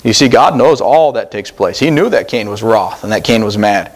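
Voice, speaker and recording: A man's voice: lowish voice, expressive, normal speed. A man preaching an earnest sermon at a church service, rising for emphasis and repeating his phrases. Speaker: pastor.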